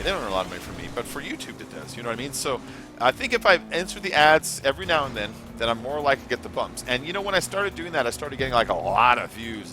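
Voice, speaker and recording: A man's voice: mid-range voice, noisy background. A man chatting casually on his live gaming stream, rambling and swearing now and then, with music playing behind him. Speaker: gaming livestreamer.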